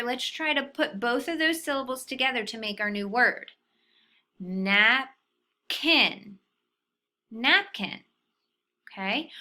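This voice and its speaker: Slow, bright-voiced woman teaching phonics. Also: a little high. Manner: patient, slow teaching, checks in with frequent soft "okay?". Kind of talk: phonics lesson for young children.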